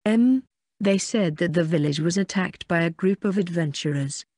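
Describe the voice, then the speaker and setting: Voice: medium pitch, normal speed, darkish tone, dry recording, lightly acted. A synthetic reader voicing a nervous, dutiful butler bringing bad news to his lord. The read is plain and level, in a dry, close recording. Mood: worried. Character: nervous male butler servant.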